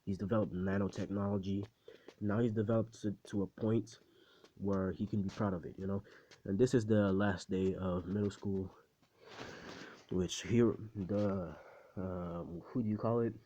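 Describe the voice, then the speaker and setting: A man's voice: lowish voice, fairly even intonation, moderate pace, warm tone, slight background noise. A man casually retelling a fan story in a rambling, slangy way, laughing at his own jokes. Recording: slightly muffled recording.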